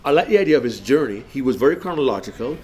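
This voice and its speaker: A man's voice: medium pitch, expressive, rapid-fire, mellow. A man, a public speaking coach, critiquing a speech in a casual panel talk, emphatic and repeating key phrases.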